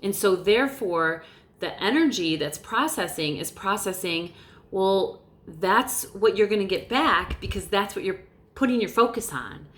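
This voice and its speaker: Middle-aged woman, motivational vlog, animated, emphatic, casual swearing, camera mic. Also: mid-range voice, measured pace. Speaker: motivational vlogger. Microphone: camera mic, looking off-lens.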